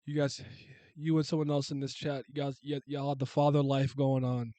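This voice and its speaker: A man's voice: mid-range voice, level tone, a little fast, warm tone, dry recording. A man in his thirties, from Canada, chatting casually and rambling with viewers as a streamer. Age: 30s. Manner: rambling, restarts and laughs, uses slang.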